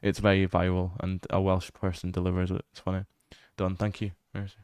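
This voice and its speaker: A man's voice: deep voice, monotone, brisk, a little mellow, clean tone, no echo. A man streaming a horror game, chatting casually as he explores, laughing often and swearing now and then. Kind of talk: casual livestream commentary while exploring a game.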